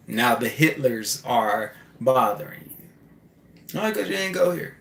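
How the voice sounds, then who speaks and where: A man delivering a spiritual preaching monologue, repeating phrases emphatically and swinging from loud outbursts to hushed asides. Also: medium pitch, expressive, a little slow, gravelly. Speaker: spiritual speaker. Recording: echoey room with faint ambience.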